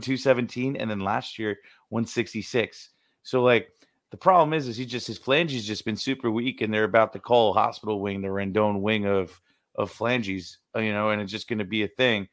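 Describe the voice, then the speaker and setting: Excitable gravelly-voiced male co-host. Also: mid-range voice, no room sound, clean studio sound. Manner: excitable, jokey, rambling. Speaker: podcast co-host. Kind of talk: casual sports podcast chat.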